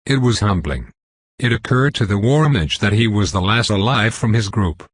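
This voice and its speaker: A man narrating a dark fantasy web novel in a steady, measured storytelling voice. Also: lowish voice, husky, no echo. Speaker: audiobook narrator.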